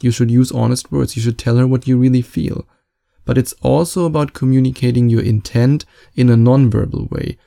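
A man's voice: medium pitch, gravelly, dark tone, dry recording, studio quality. A man hosting a solo dating-advice podcast, coaching listeners in an emphatic, repetitive way.

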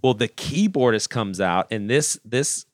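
A man co-hosting a podcast, telling a story in a casual, animated way and often restarting his phrases. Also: mid-range voice, unhurried, dry recording, clean studio sound. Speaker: podcast co-host.

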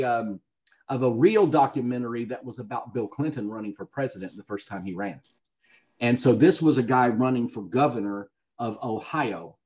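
A man's voice: medium pitch, darkish tone. A man with a Southern US accent, a guest actor telling stories in a casual podcast interview and laughing often. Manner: chatty storyteller, laughs often.

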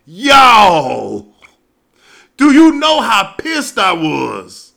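A man, hosting and ranting casually and comedically about a movie, profane, with shouted outbursts. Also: sits high, wildly swooping pitch, very slow, creaky.

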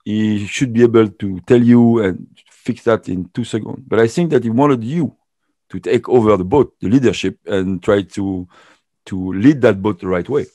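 A man asks questions in a low voice with many restarts. His phrasing sounds non-native. The sound is dry, with no room. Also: mellow, dry recording. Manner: halting, searching for words, non-native phrasing. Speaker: podcast host. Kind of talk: casual interview.

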